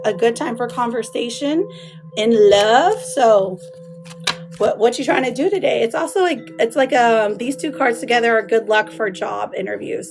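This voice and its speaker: A woman with a hoarse, laryngitis-worn voice, chatting casually with viewers as she hosts a live tarot reading. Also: on the high side. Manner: chatty, greets viewers by name, laughs often. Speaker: tarot reader hosting a livestream. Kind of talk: casual livestream chat.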